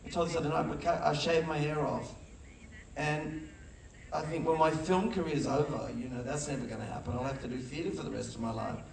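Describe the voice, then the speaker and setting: A man's voice: fairly high pitch, fairly quick, creaky, far from the mic, crowd noise. A middle-aged man, a film director, telling stories on stage at a festival conversation and acting out the quotes with animation. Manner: animated storyteller, acts out quotes. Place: large festival hall with audience. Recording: echoey hall, mic heard from afar.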